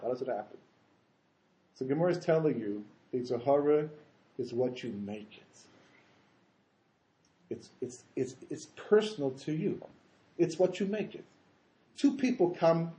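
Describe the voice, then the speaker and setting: Man, rabbi, Torah lecture, animated, rhetorical questions, dark mellow timbre, roomy echo. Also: a little high. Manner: animated, acts out voices in quotes, rhetorical questions.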